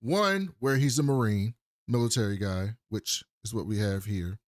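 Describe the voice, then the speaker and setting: A man's voice: on the low side, moderate pace, no room sound, studio quality. A man co-hosting a podcast, animatedly retelling scenes in casual, profane chat. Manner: animated storyteller, swears freely. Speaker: podcast co-host.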